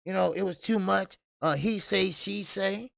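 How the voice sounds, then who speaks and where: A man hosts a boxing talk stream, and his voice is heavily gravelly and sits a little high. He chats loosely and curses freely. The sound is dry and close. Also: measured pace, no room sound. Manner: loose, profane, shouts out chat viewers, laughs often. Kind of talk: casual livestream chat.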